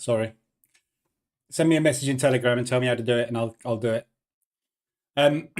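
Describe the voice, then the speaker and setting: A man's voice: medium pitch, darkish tone. A man hosting a live trading stream, talking through market moves in a chatty, rambling way with lots of fillers and restarts, over a faulty mic.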